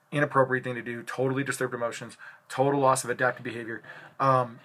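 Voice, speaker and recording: A man's voice: medium pitch, pushed and bright. A male teacher telling a story to his students in a loose, chatty way, with lots of filler ums, recorded on a phone at home. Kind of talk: casual storytelling lecture to students.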